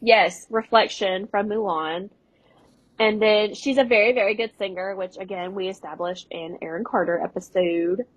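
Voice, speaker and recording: A woman's voice: medium pitch, normal speed, no room sound, rough recording. A young woman co-hosting a podcast, casually recapping a TV episode and acting out the characters' lines in playful voices. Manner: animated retelling, acting out quotes in voices. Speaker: podcast co-host.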